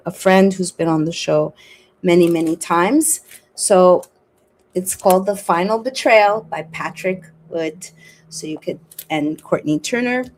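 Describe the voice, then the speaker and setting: A woman's voice: fairly low pitch, slight background noise. A woman podcast host closing her show, talking in a rambling, frustrated way with many restarts. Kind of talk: casual show sign-off and appeal.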